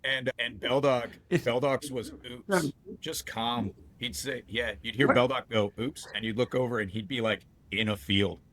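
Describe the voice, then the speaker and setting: A man on a podcast, chatting casually and telling lively stories with slang and frequent laughter. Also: medium pitch, moderate pace, few pauses. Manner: animated storyteller, laughs often, slangy. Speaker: podcast co-host. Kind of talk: casual chat.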